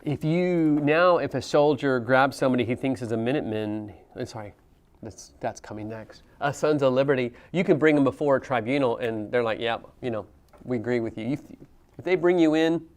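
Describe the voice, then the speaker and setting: Smooth-voiced man lecturing a class. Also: mid-range voice, brisk. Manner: conversational, asks the class questions. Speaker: history teacher.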